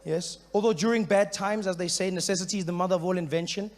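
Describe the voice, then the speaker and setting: A South African man in his thirties performing stand-up comedy, animated and full of character bits. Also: high voice, quick pace. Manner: animated, switches into character voices.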